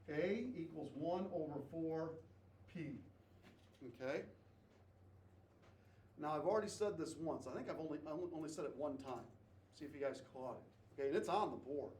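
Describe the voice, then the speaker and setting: A man's voice: a little high, darkish tone. Man teaching math in an echoey classroom. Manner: repeats points with frequent "okay?" checks, encouraging. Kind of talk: classroom lecture. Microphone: distant camera mic. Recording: echoey classroom from far off, faint noise.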